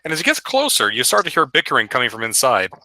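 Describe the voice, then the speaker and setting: This dungeon master speaks fast and forcefully, his medium-pitched, bright voice swooping wildly as he narrates the tabletop game. He's casual and hesitant, leaning on many fillers, and talks through a headset or desk mic on voice chat. The audio is poor, with no room sound.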